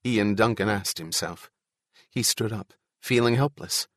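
A man reading an audiobook in a measured storytelling voice. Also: lowish voice, a bit bright, dry recording, studio quality. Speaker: narrator. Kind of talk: audiobook narration.

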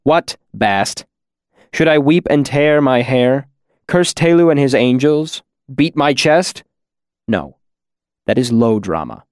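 A man voicing a stern, world-weary male innkeeper who tells stories in a dry, measured, commanding way. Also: medium pitch, animated, dry recording.

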